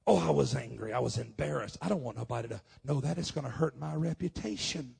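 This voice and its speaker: A male preacher delivers a testimony from the pulpit with a gravelly, rough-edged voice. His tone is husky and worn. He swings between hushed, confiding stretches and loud, impassioned pushes. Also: mid-range voice, quick pace. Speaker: pastor. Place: conference hall.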